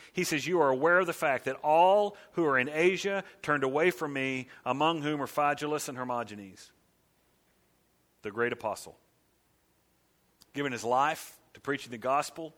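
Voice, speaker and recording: A man preaching a sermon, swinging from hushed, slow lines to loud, urgent calls. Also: mid-range voice. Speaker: pastor.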